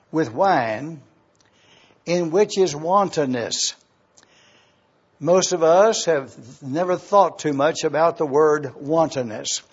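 Man, preacher, teaching sermon, careful and emphatic, slightly high voice, muffled lo-fi sound. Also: a little mellow. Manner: slow, careful and emphatic, spelling words out. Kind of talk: sermon, teaching Greek grammar. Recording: dull lo-fi recording.

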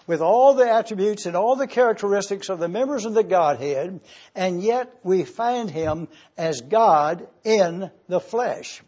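A man delivers a Bible teaching sermon in a high-pitched voice with a husky edge. He explains each point deliberately, slowing down to stretch out key words. The recording sounds muffled and lo-fi. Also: darkish tone. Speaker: preacher.

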